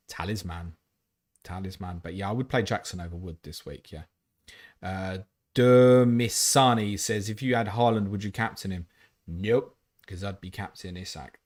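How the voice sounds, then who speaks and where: Fast-talking, low-voiced man hosting a stream. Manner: blunt, swears casually, quick answers. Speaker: fantasy football livestream host. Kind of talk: fast live Q&A reading chat questions.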